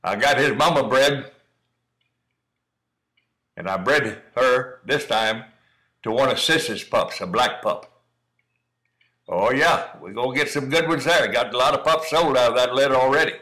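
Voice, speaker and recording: Speaking a little slowly and pausing often, a middle-aged man comments on cowdog training footage in a folksy, encouraging way, calling the listener son. He breeds cowdogs, and his mid-range voice is bright and forceful despite the rough recording.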